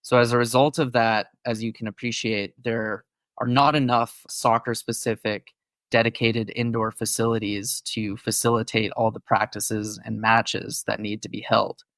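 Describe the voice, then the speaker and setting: Man co-hosting, explaining clearly. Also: fairly low pitch, little pitch movement, moderate pace, fairly bright tone, dry recording. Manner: informative, explaining with occasional fillers. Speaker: podcast co-host. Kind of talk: casual podcast chat.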